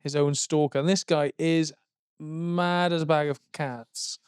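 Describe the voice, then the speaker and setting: A man's voice: a little high, steady tone, unhurried, smooth, no echo, clean studio sound. A man, a comedian co-hosting a podcast, who tells giggly stories and acts out the people in them. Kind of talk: casual banter.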